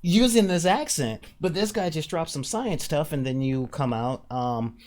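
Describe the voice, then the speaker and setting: A man hosting a casual monologue about tabletop gaming, emphatic and animated, slipping briefly into mock voices to make a point. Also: fairly high pitch, unhurried. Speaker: podcast host.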